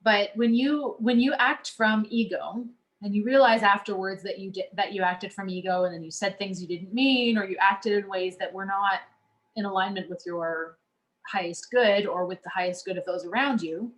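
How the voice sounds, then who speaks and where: A woman's voice: mid-range voice, moderate pace, a bit bright. A woman coach giving a casual, earnest teaching talk to her audience, speaking conversationally with many fillers and restarts.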